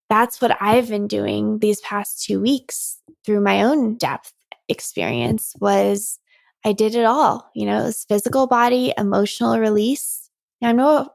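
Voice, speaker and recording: Gravelly-voiced woman podcast host, close and dry. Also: on the high side, no room sound. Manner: earnest and animated, with frequent laughs and asides. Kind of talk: reflective solo podcast talk.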